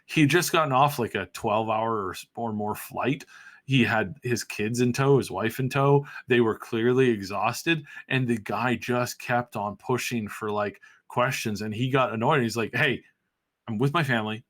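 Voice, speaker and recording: A man's voice: mid-range voice, measured pace. Rambling man on a casual podcast. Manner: rambling and animated, with frequent restarts and fillers. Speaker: podcast host.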